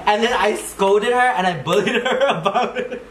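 A man's voice: sits high, moderate pace, a bit bright, slight background noise. A young man bantering casually with his mom, sassy and teasing, swearing often. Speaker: vlogger. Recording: echoey room with music playing.

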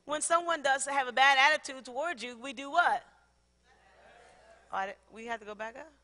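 High bright woman pastor preaching. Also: a little fast. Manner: laughing often, call-and-response with congregation. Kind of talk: sermon. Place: large church sanctuary. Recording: long hall reverb.

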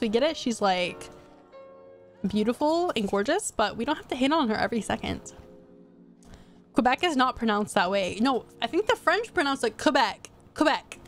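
A young woman in her twenties, a streamer chatting casually with her chat while playing a game, giggly and teasing. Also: a little high. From United States. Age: 20s.

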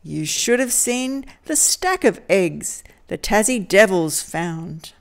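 A woman reading a picture book aloud to children in a lively, sing-song storytelling manner. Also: medium pitch, slow, gravelly.

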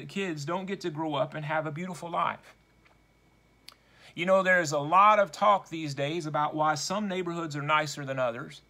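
A male preacher with a high, ringing, bright voice delivers a sermon. He speaks slowly and deliberately, with dramatic stress on his points.

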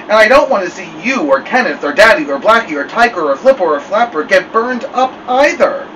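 A fierce storybook mother, as a man reads her, sugary and menacing at once. Her voice rides higher and swoops about with sweet-talk. It sounds a bit far from the mic over a faint air-conditioner hum. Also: big pitch swings, fairly quick, fairly bright tone. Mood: coaxing. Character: stern fierce mother, coaxing then threatening.

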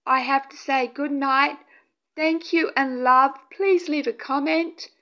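High-voiced woman, slow, excitable paranormal vlogger addressing spirits. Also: muffled recording. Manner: breathless excited exclamations; talks softly to spirits, pleading. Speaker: paranormal video maker. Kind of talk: excited paranormal vlog narration.

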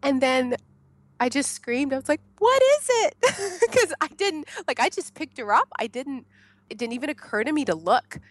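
Animated American woman, dry close sound. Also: sits high, moderate pace, no room sound. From United States. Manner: animated, laughs often, acts out her own past shouts. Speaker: podcast guest telling her birth story. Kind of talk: casual conversational storytelling.

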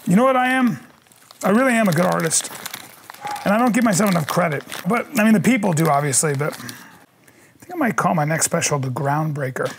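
A middle-aged man trading jokes in casual banter, bragging in a deadpan, mock-boastful way. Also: high-pitched, brisk, creaky, pauses often, a little hiss or hum. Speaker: comedian co-host.

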